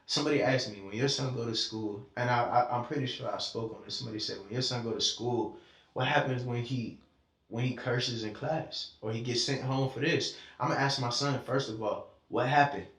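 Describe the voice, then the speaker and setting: A man's voice: mid-range voice, fairly even intonation, a little fast, fairly bright tone. A man in a casual conversation who talks emotionally and animatedly, swearing freely and speaking in bursts. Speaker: podcast conversation participant. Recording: echoey room, mic at a distance.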